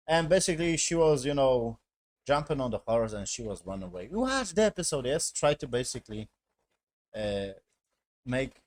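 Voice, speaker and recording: Here the episode reviewer's voice is medium-pitched and a little mellow. He recaps the show episode casually and meanderingly in broken non-native English, swearing heavily and repeatedly checking in with "basically" and "yes?".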